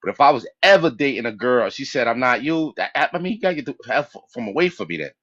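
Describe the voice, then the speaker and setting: A man's voice: medium pitch, big pitch swings, fast, a bit bright, highs cut off. A man from New York with a New York accent, speaking on a panel in blunt, slangy talk and asking pointed questions. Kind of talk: debate on a panel.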